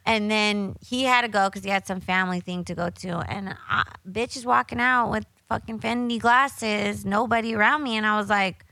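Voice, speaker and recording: A woman's voice: mid-range voice, normal speed, few pauses, no echo, rough recording. A woman hosting a casual chat show, telling a story with lots of swearing and acting out what people said. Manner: profane, animated storyteller acting out quotes. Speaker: podcast host.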